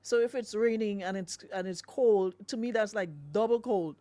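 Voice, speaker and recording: A woman's voice: mid-range voice, moderate pace, warm tone, no room sound. Grenadian lady radio host rambling on, chatty and laughing, dry studio sound. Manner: chatty, laughing, full of fillers. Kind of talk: casual radio chat.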